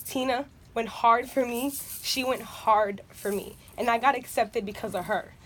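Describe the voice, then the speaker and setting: A young woman in her twenties speaks a heartfelt birthday toast, her fairly high voice close to tears. She rambles, leaning on "like" and "you know what I mean". Clear background noise runs underneath. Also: a bit bright. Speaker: friend giving a birthday toast. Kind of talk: heartfelt party speech. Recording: noisy room.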